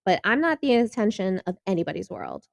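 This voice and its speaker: A woman's voice: medium pitch, huge pitch swings, a little fast, vocal fry, dry recording, clean studio sound. A woman hosting a reaction video in a casual, chatty way, laughing often and acting out quoted lines.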